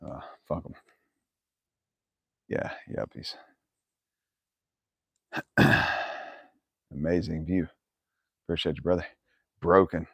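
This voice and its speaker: A man's voice: rumbling low, steady tone, a little slow, pauses often, fairly bright tone, husky, no room sound, studio quality. A man hosting a casual livestream from his yard, rambling and swearing, laughing often. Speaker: livestream host. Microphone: phone camera.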